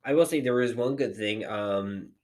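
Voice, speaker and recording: With a fairly low pitch and a darkish tone, a male podcast co-host speaks at a normal speed. He keeps things casual, wandering off topic, leaning on fillers, and swearing now and then.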